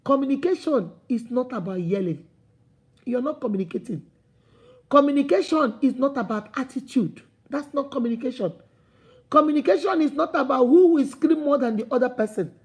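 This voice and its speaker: A woman relationship coach giving an animated, preachy vlog talk, speaking straight to her viewers as sister and brother and acting out quoted dialogue. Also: sits high, fairly quick. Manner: acts out quoted dialogue in playful voices. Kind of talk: motivational vlog talk to camera.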